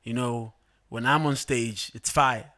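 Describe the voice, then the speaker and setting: A young man, a rapper, calmly explaining his songs in a casual podcast chat, laughing often. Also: mid-range voice, slow pace. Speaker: guest rapper.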